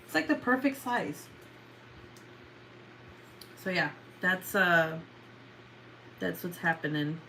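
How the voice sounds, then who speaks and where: A woman's voice: on the low side, animated, slow pace, pauses often, sharp tone, slight background noise, low-quality recording. A tired young woman chatting casually in a late-night livestream, rambling and swearing with lots of fillers. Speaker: vlogger.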